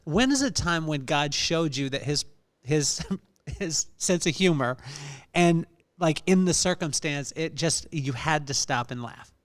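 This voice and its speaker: A man's voice: fairly high pitch, lively intonation, a little slow. A man hosting a podcast, joking and laughing as he asks questions in a casual interview. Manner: joking, laughs while talking. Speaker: podcast host.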